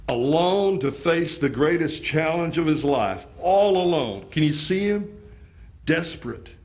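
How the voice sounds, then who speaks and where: A man preaching a sermon, moving from hushed, quiet passages to fervent emphasis and pressing his listeners with repeated rhetorical questions. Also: medium pitch. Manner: impassioned, rising from hushed to fervent.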